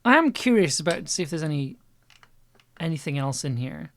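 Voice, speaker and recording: A woman's voice: deep voice, big pitch swings, brisk, a bit bright. A woman chatting loosely on her own live stream about making an audio piece, rambling and laughing often at herself. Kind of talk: casual live-stream chat.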